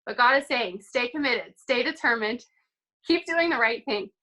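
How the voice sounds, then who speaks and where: Young woman on a video call, bright kinda high voice, chatty and upbeat, lots of likes and ums. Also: expressive, moderate pace, poor audio. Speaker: team call speaker. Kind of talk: casual motivational call talk.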